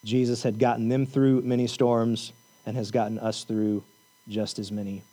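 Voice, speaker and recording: A man preaching a sermon, repeating lines for emphasis and telling the story with animated energy. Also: medium pitch, normal speed, poor audio. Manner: repetitive, emphatic preaching with rising intensity. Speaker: pastor.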